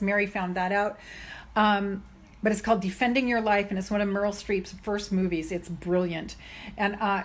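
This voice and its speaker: A woman coaching on self-love in an energetic, chatty motivational live stream, with many fillers. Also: mid-range voice.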